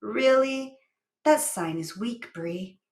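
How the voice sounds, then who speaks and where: A woman voicing a protective teenage boy who talks in a dry, flat, grumbling way. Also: fairly high pitch, takes it slowly, reverberant. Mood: gruff, dry. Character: gruff protective teenage boy, big brother.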